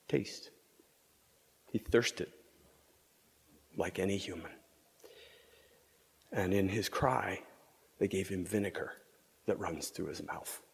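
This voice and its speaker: A man with a lowish voice preaching a slow, meditative reflection, leaving long pauses between phrases. He is measured and contemplative and drops to near-whispers at times. Faint ambience sits behind him. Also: creaky, long reverb tail, slight background noise. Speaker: preacher leading a vigil reflection.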